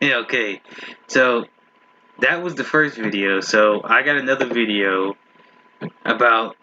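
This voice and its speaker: A man's voice: medium pitch, slow pace, pushed and bright, muffled recording, slight background noise. Rambling man doing a casual reaction video. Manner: rambling, restarts often, laughs at clips. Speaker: video host.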